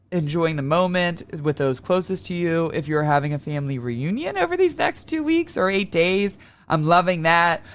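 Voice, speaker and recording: A man with a clear, smooth, slightly higher voice hosts his own podcast. He talks loosely and rambles a bit, often jumping into small acted-out scenes with quoted voices. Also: a bit bright. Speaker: astrology podcast host. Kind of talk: casual solo podcast talk.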